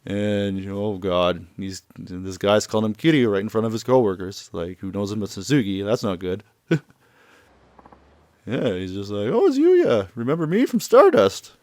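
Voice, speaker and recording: A man's voice: lowish voice, fairly even intonation, moderate pace, darkish tone, no echo. A young man casually recapping a video game, chatty and laughing, loosely acting out the characters' lines.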